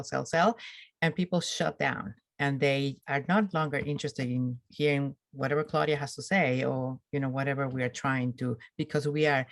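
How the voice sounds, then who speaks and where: A woman hosting an interview, speaking in a thoughtful, measured way with frequent ums. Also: very deep voice, dry recording. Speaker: host interviewer. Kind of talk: conversational summit interview.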